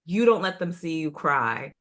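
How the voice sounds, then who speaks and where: A conversation partner sharing a memory in a reflective, halting way, with soft "mm-hmm"s in between. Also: mid-range voice, very animated. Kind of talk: casual conversation.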